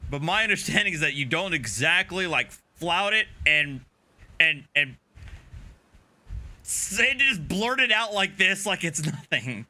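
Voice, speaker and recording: A man hosting a livestream reacts to a police video with wry, sarcastic asides. His voice is very bright and sits a bit high for a man. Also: expressive, a little slow. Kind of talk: casual live commentary.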